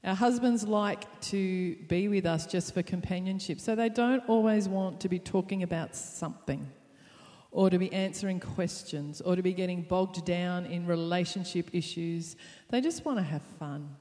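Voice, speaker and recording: A woman's voice: on the low side, normal speed, dark tone, in a large hall. A woman preaching to wives in a playful, upbeat way, with laughs along the way. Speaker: pastor's wife. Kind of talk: sermon on marriage.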